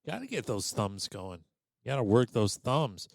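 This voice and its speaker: A man's voice: lowish voice, big pitch swings, moderate pace, vocal fry. A man hosting a comedy podcast, ribbing his co-host with sarcastic, mock-indignant banter.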